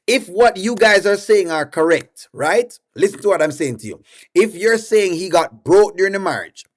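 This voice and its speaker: A man's voice: high-pitched, animated, normal speed. Jamaican man hosting a livestream. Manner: coaxing, repeats himself, addresses viewers as friends. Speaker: livestream host reading viewer comments. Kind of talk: casual reaction livestream.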